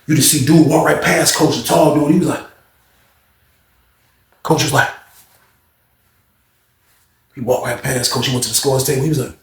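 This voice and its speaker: A man's voice: mid-range voice, moderate pace, long pauses. Slangy male storyteller, roomy echo. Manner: slangy, animated. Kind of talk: casual storytelling.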